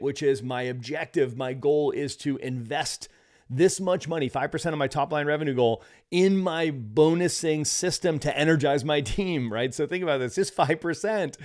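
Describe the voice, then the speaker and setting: A middle-aged man co-hosting a podcast, coaching business owners in lively talk, often tagging "right?" and laughing. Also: medium pitch.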